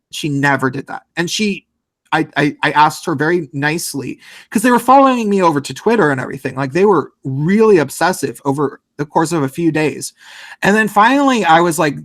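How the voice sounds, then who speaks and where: A man with a slightly high voice tells a long, rambling story in casual podcast talk. He leans on many fillers and throws in swearing as he goes. The sound is dry and close-miked. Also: lively intonation, a little fast, fairly bright tone, dry recording.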